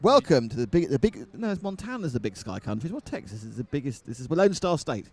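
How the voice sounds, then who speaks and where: A man's voice: medium pitch, big pitch swings, fast. A man commentating live on a model car race, mixing race calls with jokey banter.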